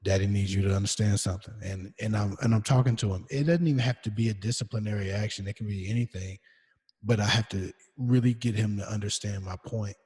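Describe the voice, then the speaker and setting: A man co-hosting a casual podcast, telling stories in a relaxed way with many fillers and restarts. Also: lowish voice, fairly quick, slightly rough. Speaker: podcast co-host. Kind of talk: casual chat. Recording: long reverberant echo.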